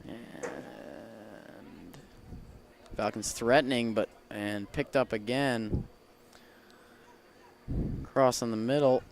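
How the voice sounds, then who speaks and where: A man's voice: mid-range voice, fairly even intonation, slight background noise. Young man calling a soccer game. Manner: casual, quick calls that rise with the action. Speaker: play-by-play commentator. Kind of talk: amateur sports commentary. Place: outdoors at a high school soccer field.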